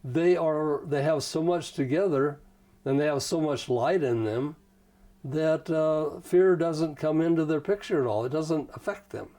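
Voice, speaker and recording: A man being interviewed speaks at a measured pace in a fairly high, warm voice. He tells stories in a folksy, rambling, conversational way, leaning heavily on "you know."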